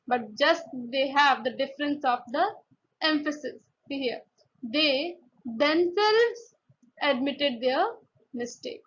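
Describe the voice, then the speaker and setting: A woman's voice: sits high, bright, forceful tone, dull audio. A woman teaching grammar, explaining step by step and often saying "see here" and "okay". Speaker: English teacher. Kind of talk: grammar lesson over slides.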